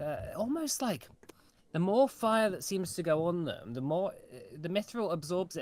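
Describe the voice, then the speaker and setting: A man narrating a tabletop game as game master, with many pauses and fillers. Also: on the high side, darkish tone, dry recording.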